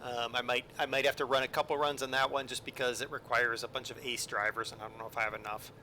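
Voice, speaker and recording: Bright-voiced jokey streamer guy. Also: medium pitch, little pitch movement, fast, a little hiss or hum. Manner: chatty, jokey, lots of ums and asides to chat. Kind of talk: casual live-stream commentary.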